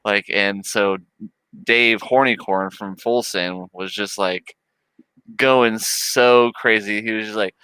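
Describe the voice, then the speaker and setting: A man's voice: fairly low pitch, unhurried, pushed and bright, clear, resonant tone, dry recording, rough recording. A man hosting a casual livestream, rambling through a funny story with lots of "like" and frequent laughter. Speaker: livestream host.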